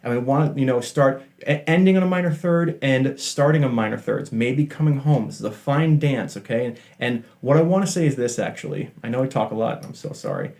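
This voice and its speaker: A man's voice: medium pitch, a little fast, few pauses, a little mellow. A man giving a casual guitar lesson in a chatty, joking way with self-deprecating asides. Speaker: guitar teacher. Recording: faint guitar playing behind.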